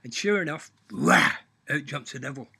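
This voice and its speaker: Man, half irish half scottish, casual joke telling, bright husky voice, swearing. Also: a little high, moderate pace. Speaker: joke teller. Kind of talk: casual storytelling.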